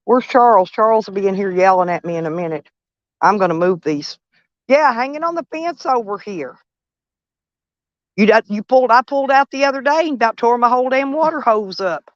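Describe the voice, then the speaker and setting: A woman's voice: fairly high pitch, expressive, fairly quick, no room sound, muffled recording. An older woman, chatting casually and bluntly in a vlog while she scolds and swears. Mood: scolding. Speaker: van life vlogger.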